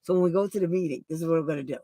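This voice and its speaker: A woman hosting a show as a special education advocate, telling stories in a chatty, rambling way with asides and quick restarts. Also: low voice, warm tone, no echo. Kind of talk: casual storytelling livestream talk.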